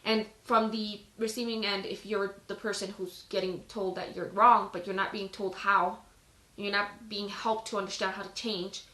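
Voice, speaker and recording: A woman hosts a casual Bible reading on a live stream, her bright voice carrying in a roomy, echoing space. She stops between passages to talk them over in a loose, chatty way, leaning on "like", and sounds out of breath. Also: mid-range voice, level tone, normal speed. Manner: chatty, lots of "like" fillers. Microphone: phone on a live stream.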